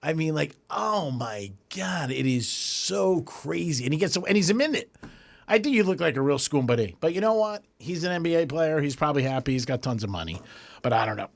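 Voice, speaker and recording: A man hosting a radio talk show in a studio, ranting in an animated, exasperated way. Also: a little high, fairly quick, gravelly.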